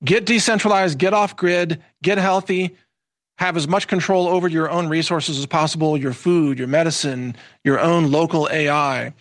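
A man's voice: a little high, steady tone, moderate pace, fairly bright tone, no echo, studio quality. A man speaking as a guest commentator, giving a rambling, emphatic casual monologue to viewers and calling them "folks".

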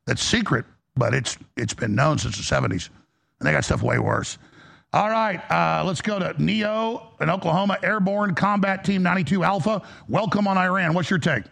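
Gravelly, husky male talk radio host. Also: a little high, expressive, normal speed, fairly bright tone. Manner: rambling, emphatic, mocking quoted voices.

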